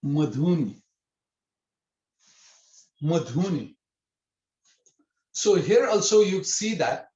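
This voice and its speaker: A man's voice: fairly high pitch, a little mellow. A man teaching an online language lesson, patiently explaining pronunciation step by step and repeating phrases. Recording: echoey, dull lo-fi audio.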